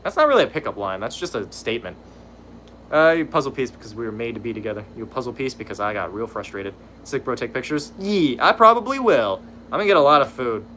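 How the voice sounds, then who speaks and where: Young man, livestream chat, bright voice, lively swooping pitch, casual cursing. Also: fast, slight background noise. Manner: lively, swears casually, laughs at his own fumbles. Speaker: streamer. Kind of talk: casual livestream chat reading viewer messages.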